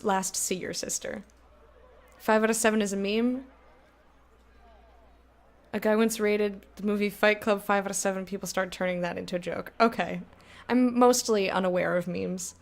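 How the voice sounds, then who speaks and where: An American woman streaming a game, chatting casually with her viewers, self-mocking and quick to laugh. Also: medium pitch, creaky. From United States. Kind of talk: casual gameplay commentary, reading chat.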